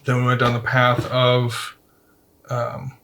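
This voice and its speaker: A man in a casual podcast chat who reasons through things in a measured, questioning way. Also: mid-range voice, monotone, a bit bright, a little hiss or hum. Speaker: podcast co-host.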